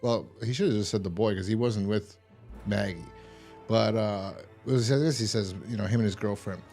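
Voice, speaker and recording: A man's voice: lowish voice, fairly quick, a little mellow, faint music behind. A man casually recapping a TV episode, rambling and swearing, with exasperated asides. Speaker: TV episode reviewer.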